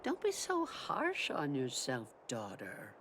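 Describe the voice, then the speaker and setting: A woman's voice: very deep voice, huge pitch swings, takes it slowly, a bit bright, a little hiss or hum, full character voice. A middle-aged woman voicing a comforting mother in a game, speaking in a soothing, reassuring way. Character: warm, comforting mother of a grown daughter. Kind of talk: game dialogue. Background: game music.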